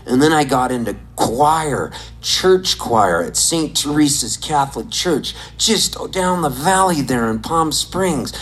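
A man in his sixties with a fairly high voice tells stories in a casual way. He is animated and quick to laugh, and he swears freely. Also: a little hiss or hum, low-quality recording. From Southern California. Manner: animated, laughing, profane anecdotes. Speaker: storyteller. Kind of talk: casual storytelling.

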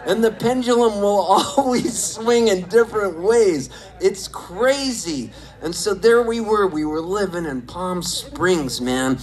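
A man in his sixties from Southern California, telling animated, laughing, profane stories from his childhood in a casual way. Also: high-pitched, low-quality recording. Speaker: storyteller. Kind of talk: casual storytelling.

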